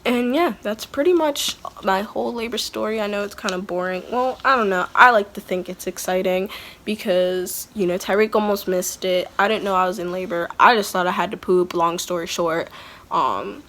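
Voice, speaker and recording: A young adult woman vlogger at home, with kids nearby, tells a story in a chatty, candid style packed with "like" and blunt asides. Her voice is medium-pitched and a bit bright, at a normal speed, with slight background noise. It's a casual storytime.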